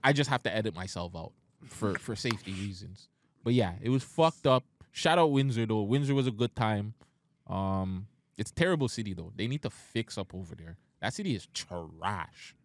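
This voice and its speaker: A man co-hosting a podcast, telling a story in casual, profane chat and loudly acting out the quotes. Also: on the low side, lively intonation, moderate pace. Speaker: podcast co-host.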